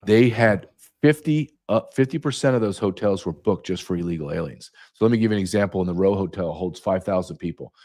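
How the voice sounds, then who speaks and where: A man's voice: sits low, fairly quick, a little mellow. A man speaking as a guest, emphatic and repeating key numbers for effect. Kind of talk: emphatic interview talk.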